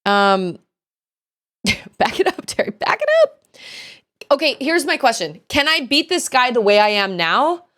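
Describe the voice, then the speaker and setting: A woman's voice: on the high side, sing-song, a little slow, pauses often, fairly bright tone. A woman streaming a video game, commenting live and often exclaiming and squealing as she plays.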